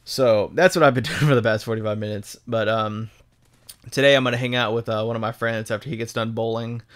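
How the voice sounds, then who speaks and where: A young man from Texas chats casually over his gameplay at a middle pitch. His talk rambles, loose and profane, with frequent ums, false starts and repeated words. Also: fairly even intonation, fairly quick, clean tone. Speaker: gaming YouTuber.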